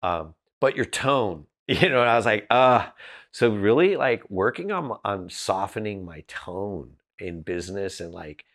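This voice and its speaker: A man's voice: fairly low pitch, animated, a little slow, few pauses, a bit bright. A man from Southern California, a podcast guest telling candid stories in a blunt, direct way, often restarting his sentences. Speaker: podcast guest, business founder. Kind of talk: candid casual storytelling.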